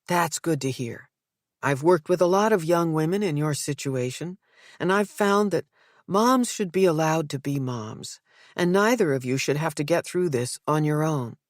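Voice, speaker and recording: A calm female therapist in an audiobook who speaks in a gentle, measured way, as a woman narrator puts her on. The sound is dry and close. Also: sits low, no echo.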